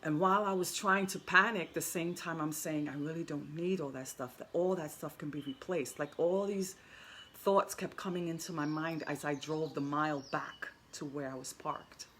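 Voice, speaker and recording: A woman's voice: deep voice, fairly even intonation, moderate pace, a bit bright, a little hiss or hum. A woman telling an earnest personal story in a casual vlog, often repeating and restarting her words. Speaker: spiritual vlogger.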